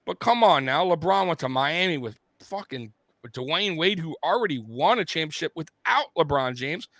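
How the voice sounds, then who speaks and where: A man's voice: fairly high pitch, normal speed, dry recording. Profane, fired-up male sports host. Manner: blunt, profane, animated fan rant. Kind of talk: casual sports rant.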